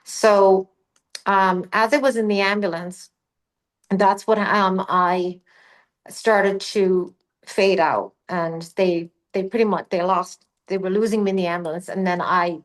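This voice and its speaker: Middle-aged irish woman, chatty guest telling a story, gets animated and does little voices. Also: medium pitch, unhurried. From Ireland. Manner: animated, vivid storyteller, acts out her own past words. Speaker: guest, psychic medium. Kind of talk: casual storytelling.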